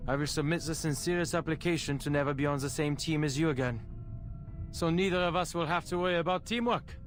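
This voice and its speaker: Actor voicing a dry young male cryptographer, measured, fairly high voice, game dialogue. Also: faint music behind, close to an everyday voice. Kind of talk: game voice acting.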